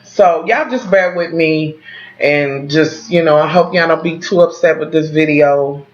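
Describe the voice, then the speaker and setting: A woman vlogger ranting casually to her viewers in a profane, animated, rambling way. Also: sits low, a little slow. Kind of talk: casual vlog rant to viewers. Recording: dull lo-fi sound.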